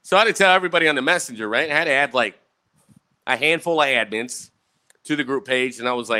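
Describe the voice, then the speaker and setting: A man's voice: mid-range voice, expressive, quick pace, pushed and bright. A young man telling rambling, profane stories to his viewers in a casual storytime, often tagging "right?" onto his sentences. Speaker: vlogger.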